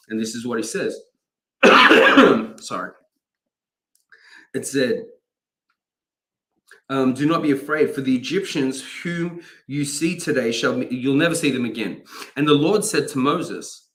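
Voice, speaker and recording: A man's voice: mid-range voice, a little slow, pauses often, a bit bright. A man, a chaplain, giving an informal daily devotional talk, reading scripture and breaking off with self-corrections and asides.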